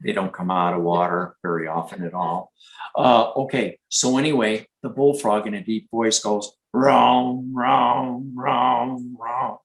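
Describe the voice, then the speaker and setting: A man from Michigan teaching about frogs in a relaxed, chatty live presentation, now and then imitating frog calls. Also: fairly low pitch, normal speed, a little hiss or hum, low-quality recording. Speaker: nature educator.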